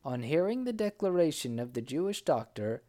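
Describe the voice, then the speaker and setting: Lively male storybook narrator. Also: on the high side, normal speed. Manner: lively, acts out the characters' cries. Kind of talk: storybook reading.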